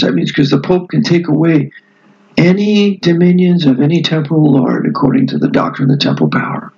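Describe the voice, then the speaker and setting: High gravelly-voiced man reading history aloud. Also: expressive, brisk, darkish tone, highs cut off. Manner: digressive, emphatic asides to listeners. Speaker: book club reader and host.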